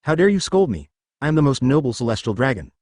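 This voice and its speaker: A man's voice: mid-range voice, sing-song, fast, darkish tone, no room sound, clean studio sound. A man voicing a spoiled, arrogant young noble with a whiny, raised voice. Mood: petulant.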